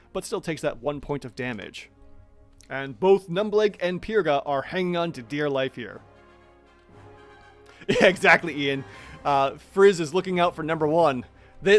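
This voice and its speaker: A man's voice: fairly high pitch, dry recording. A man narrating a tabletop monster battle as game master, chatty and thinking aloud as he checks the rules.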